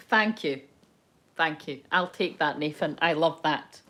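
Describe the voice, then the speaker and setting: A woman's voice: fairly low pitch, brisk, fairly bright tone. A young adult woman, chatting casually through a tarot reading, rambling and swearing freely as she laughs along. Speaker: tarot reader. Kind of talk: casual live tarot chat.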